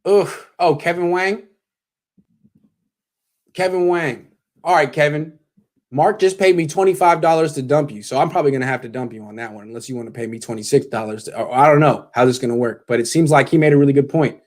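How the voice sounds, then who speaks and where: A man's voice: on the high side, brisk, a little mellow. A young man hosting a postgame live stream, joking sarcastically and answering donations, his voice cracking when he gets worked up. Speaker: sports show host.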